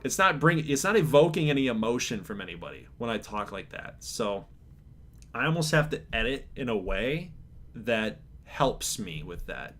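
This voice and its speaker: A man hosting his channel, reading out viewer survey answers in a laid-back, chill way, calling his own voice monotone and chuckling now and then. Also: medium pitch, moderate pace. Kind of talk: casual chat to camera.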